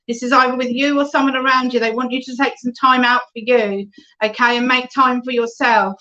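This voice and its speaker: A woman's voice: high voice, sharp tone. A woman giving a spiritualist medium reading in an online service, talking chattily and often checking in with "okay?". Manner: chatty, reads out viewer comments, often adds "okay?". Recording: dull lo-fi online stream audio.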